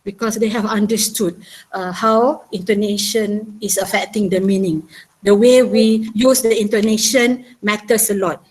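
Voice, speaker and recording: A woman's voice: medium pitch, steady tone, normal speed, darkish tone, low-quality recording. A woman giving a webinar lecture on teaching listening, often ending her points with a checking "yeah?". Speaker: university language lecturer.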